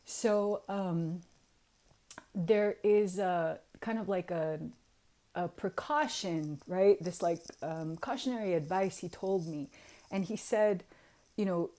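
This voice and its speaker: A woman in her forties telling a story casually to her viewers, animated and laughing often, dropping to a hush and then getting loud. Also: on the low side, slow. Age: 40s. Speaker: vlogger.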